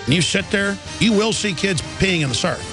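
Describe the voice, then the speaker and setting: A man's voice: high voice, lively intonation, moderate pace, music in the background. A man hosting a live talk radio show, ranting indignantly about the news and often restarting and repeating words.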